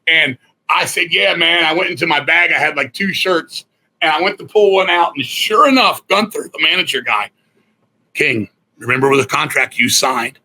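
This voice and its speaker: Middle-aged guy from Virginia, raspy, tense and punchy, profane storyteller who plays out every character's lines. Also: a little high, normal speed, low-quality recording. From Virginia, USA. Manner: profane, animated storyteller acting out other people's lines. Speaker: guest musician. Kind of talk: casual storytelling interview.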